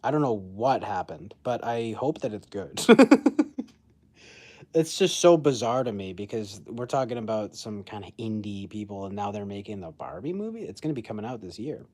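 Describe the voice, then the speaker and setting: A man's voice: fairly low pitch, animated, brisk, few pauses, darkish tone. Rambling man in his twenties. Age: 20s. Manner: rambling, filler-heavy, self-mocking. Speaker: livestreamer. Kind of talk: casual chat. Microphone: phone.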